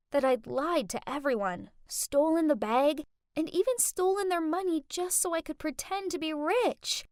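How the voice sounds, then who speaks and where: A woman telling a first-person story in an expressive, dramatic way for an animated story video, recorded close to a studio mic. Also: high voice, no echo. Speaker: story narrator. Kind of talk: scripted first-person narration.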